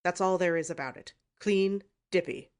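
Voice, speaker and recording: A woman voicing a blustering, angry old uncle who snorts and shouts indignantly in a storybook reading. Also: on the low side, animated, normal speed, gravelly.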